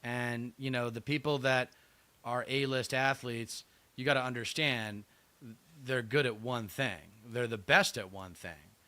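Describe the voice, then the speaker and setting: A man's voice: mid-range voice, steady tone, unhurried, pushed and bright. An American man co-hosting a podcast, blunt and profane, thinking aloud at length. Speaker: podcast co-host. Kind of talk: casual political chat.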